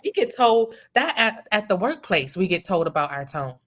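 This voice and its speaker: A woman's voice: medium pitch, big pitch swings, moderate pace, over a noisy crowd. A woman co-hosting a casual talk show, speaking passionately and emphatically. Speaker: podcast co-host. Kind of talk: casual chat.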